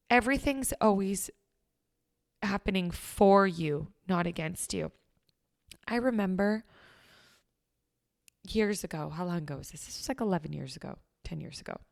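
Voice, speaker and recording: A woman's voice: on the low side, animated, a little slow, creaky, long pauses. A woman in her thirties hosting a podcast, telling a personal story in a casual motivational talk, emphatic and swearing casually. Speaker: podcast host.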